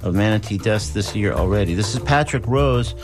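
A man with a fairly low voice hosts a radio talk show. He introduces segments and thanks his guests in a plainspoken, measured manner. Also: over music. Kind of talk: radio interview hosting.

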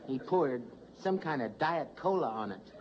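A man's voice: mid-range voice, lively intonation, measured pace, muffled recording, over a noisy crowd, heavy background noise, close to an everyday voice. A man voicing a small, frantic male mouse caught in a trap, whimpering and babbling in a stand-up comedy bit. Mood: whimpering, pained. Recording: old live comedy record, loud audience laughter.

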